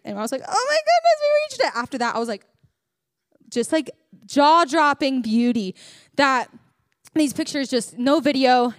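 A young woman giving a sermon, telling a story in a chatty, animated way with lots of filler words. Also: high-pitched, no room sound, studio quality. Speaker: church speaker.

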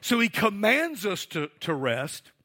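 A man's voice: high-pitched, very animated, measured pace, pushed and bright. A middle-aged male pastor preaching a sermon, emphatic and asking the congregation for responses.

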